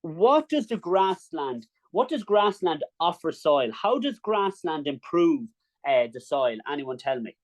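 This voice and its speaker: A young Irish man leads an agricultural science revision class, quick and encouraging. His voice sits a little high for a man, and he keeps checking in with the class as he goes. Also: very animated.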